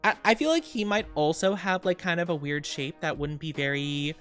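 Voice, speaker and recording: A man's voice: a little high, moderate pace, a bit bright, faint music behind. A young man streaming, chatting casually in a bubbly, rambling way, reading chat aloud and giggling often.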